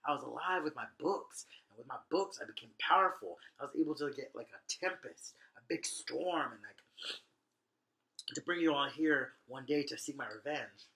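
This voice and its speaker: A man's voice: mid-range voice, moderate pace, sharp tone. A man voicing a smug, vengeful male sorcerer duke who talks in a brash, slangy, dismissive way. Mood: swaggering.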